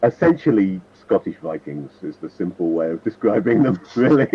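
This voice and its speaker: Deep-voiced man explaining his characters. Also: big pitch swings, moderate pace, breathy edge. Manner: rambling, self-correcting explanations. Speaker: tabletop player. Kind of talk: casual chat. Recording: dull lo-fi sound, faint noise.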